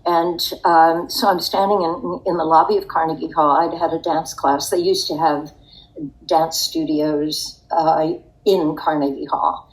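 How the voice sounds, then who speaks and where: A woman's voice: deep voice, flat delivery, measured pace, rough recording. An older woman telling a personal story in a podcast interview, in a reflective, wry way. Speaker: interview guest.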